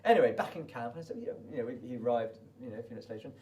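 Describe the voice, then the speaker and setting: Chatty British man, quick and rambling. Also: mid-range voice, animated, warm tone, recorded from a distance. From Britain. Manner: chatty, rambling with many restarts. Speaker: desert race runner. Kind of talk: casual spoken recollection.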